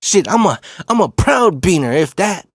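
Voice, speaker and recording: A man's voice: sits high, big pitch swings, moderate pace, no room sound, studio quality, pitched above the performer's own voice, full character voice. A man voicing his laid-back, proud father, who speaks broken English. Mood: proud, amused. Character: calm, proud middle-aged father.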